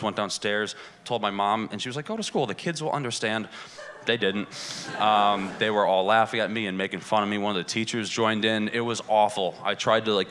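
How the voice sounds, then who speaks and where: A man doing a stand-up set on a club stage, telling a story in a rambling, deadpan way into a handheld mic. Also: fairly low pitch, clean tone. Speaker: stand-up comedian. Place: comedy club stage with a live audience.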